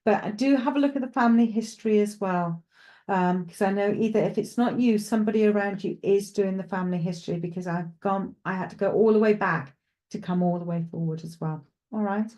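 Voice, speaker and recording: A woman's voice: mid-range voice, brisk, warm tone, dull audio. A woman with a Welsh accent presenting live psychic readings, talking reassuringly and chattily to a caller.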